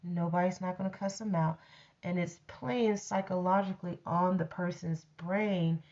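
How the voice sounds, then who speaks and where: A woman's voice: fairly low pitch, steady tone, moderate pace, a little mellow, muffled recording. A woman telling a personal story in a blunt, profane, ranting way, casually addressing her audience. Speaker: storyteller host.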